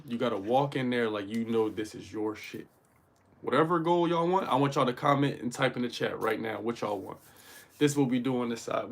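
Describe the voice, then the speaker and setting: A man's voice: mid-range voice, vocal fry. A man hosts a casual motivational livestream, talking straight to his viewers. His speech is loose, slangy and full of swearing. He keeps checking that his listeners are following along. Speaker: host.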